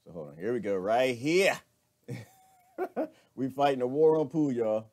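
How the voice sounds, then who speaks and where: Animated, chatty man live-streaming. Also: medium pitch, unhurried. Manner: chatty, laughing, greets viewers by name. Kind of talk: casual live-stream talk.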